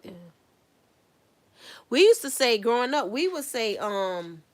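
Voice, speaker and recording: A woman's voice: a little high, sing-song, takes it slowly. A woman streaming live as she paints, chatting casually, rambling through her thoughts and asking viewers questions. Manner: rambling, musing aloud, laughs at her own thoughts; talks straight to viewers, asking them questions. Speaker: artist live streaming while painting earrings. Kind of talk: casual livestream chat.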